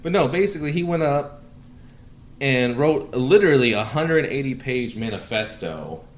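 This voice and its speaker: A man's voice: medium pitch, expressive, normal speed. A man hosting a casual podcast, talking in a profane, sarcastic, rambling way. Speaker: podcast host.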